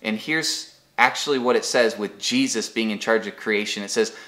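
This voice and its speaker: A man's voice: lowish voice, moderate pace, few pauses, sharp tone. A man leading an online Bible study in a conversational devotional style, often repeating a word as he restarts and telling everyday examples. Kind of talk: casual devotional teaching.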